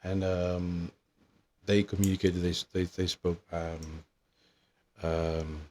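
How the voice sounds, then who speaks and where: A man in his thirties with a notably deep, low voice rambles through a loose, swear-filled retelling. His delivery is casual and meandering, full of asides and restarts. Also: monotone, takes it slowly, a little mellow, a little hiss or hum. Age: 30s. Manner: profane, meandering storytelling. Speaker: vlogger.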